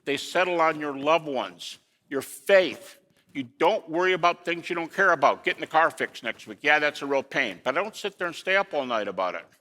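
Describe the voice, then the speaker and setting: Animated man lecturing in a hall. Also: a little high, moderate pace. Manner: animated, asks rhetorical questions, folksy asides. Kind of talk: lecture to an audience.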